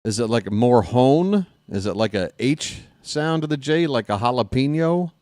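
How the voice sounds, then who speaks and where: Smooth casual baseball play-by-play man. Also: expressive, normal speed, a little mellow, no echo, studio quality. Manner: casual, self-deprecating, jokey between pitches. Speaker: fan play-by-play broadcaster. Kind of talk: solo baseball play-by-play with chatty asides.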